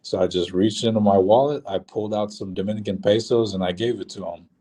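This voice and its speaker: A man telling his travel experiences as an interview guest, measured and hesitant with frequent pauses. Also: on the low side, steady tone, mellow, distant mic. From Boston, USA. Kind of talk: casual interview storytelling.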